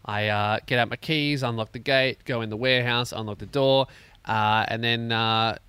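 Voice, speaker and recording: A man's voice: medium pitch, fairly even intonation, normal speed, pushed and bright, clean tone, no room sound. An Australian man hosting a comedy podcast, ranting sarcastically with lots of swearing while in pain from a neck injury. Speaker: podcast host.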